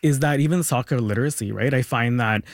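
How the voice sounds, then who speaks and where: Man guest explaining calmly, mid voice, dry room. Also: mid-range voice, fast, dry recording. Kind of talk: conversational interview.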